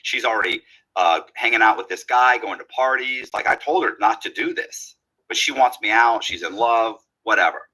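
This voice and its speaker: In a casual, animated way, this man narrates a long tale and performs the dialogue of its characters. His voice is fairly low and his speed normal, on a rough recording.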